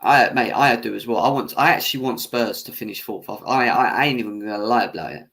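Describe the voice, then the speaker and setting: A man's voice: medium pitch, a little fast, creaky, a bit bright. Heated man ranting to chat. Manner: heated, swearing, arguing with chat; laughs off his own bias. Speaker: football fan channel host. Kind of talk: live-stream match reaction rant.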